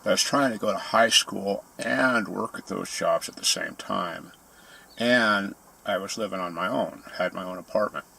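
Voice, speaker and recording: A man's voice: fairly low pitch, normal speed, vocal fry, sharp tone, breathy edge. A man telling grumbling, sarcastic stories in a casual ranting monologue. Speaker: vlogger.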